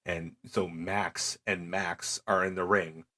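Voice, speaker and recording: His voice is low and his pace slow as he chats casually on the podcast he co-hosts. The middle-aged man brings match recaps to life as an animated storyteller, performing the wrestlers' lines.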